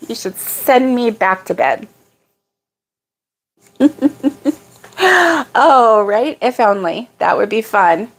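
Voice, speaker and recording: A woman's voice: mid-range voice, slow pace, pauses often. A middle-aged woman hosting a casual morning livestream, rambling homily and greeting viewers by name with a lifted, friendly voice. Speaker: livestream host.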